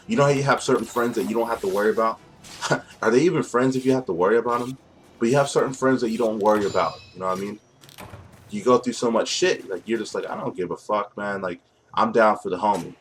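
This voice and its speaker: A man's voice: lowish voice, a bit bright, slight background noise. A young man chatting casually and profanely over gameplay, rambling in streetwise slang. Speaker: gameplay commentator.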